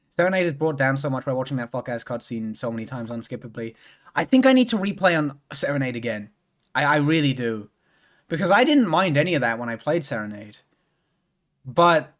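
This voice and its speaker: A young man talking casually over a game stream, his voice sitting a little higher than most men's. He rambles and loops back on himself, filling gaps with lots of "like" and "um". He swears offhandedly as he goes. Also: sing-song, brisk, a bit bright. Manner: rambling, full of "like" and restarts, swears freely. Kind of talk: casual chat while playing a game.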